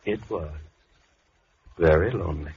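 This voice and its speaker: A soft-spoken sinister recluse. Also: male voice, low voice. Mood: menacing calm. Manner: slow, quiet, coldly polite menace. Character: soft-spoken menacing lonely male recluse. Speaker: villain. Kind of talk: 1940s radio acting. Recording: dull, faintly hissy old radio broadcast.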